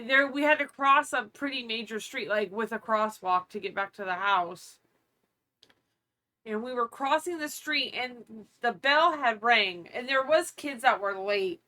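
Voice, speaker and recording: A woman in her thirties co-hosting a podcast, telling funny stories in a casual, animated way and laughing often. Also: fairly high pitch. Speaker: podcast co-host. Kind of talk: casual storytelling chat.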